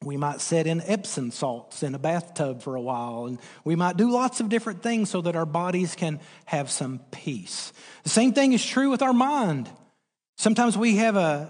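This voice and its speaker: A man preaching a sermon in a fairly high voice, earnest and emphatic, leaning on repeated words between fillers. His voice rings out with a long reverb, as if in a large church hall. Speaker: pastor.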